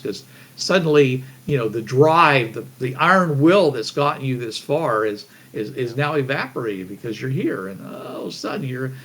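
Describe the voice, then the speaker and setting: A male game master narrating a tabletop role-playing session. He rambles through the scene with frequent restarts and fillers, at an ordinary middle pitch. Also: a bit bright.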